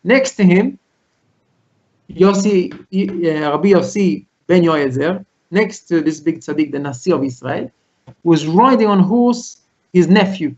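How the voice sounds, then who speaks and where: With a high-pitched voice and a measured pace, a rabbi shares a Torah story with his congregation over a video call. He brings it to life by voicing the characters' lines, while the recording's highs are cut off.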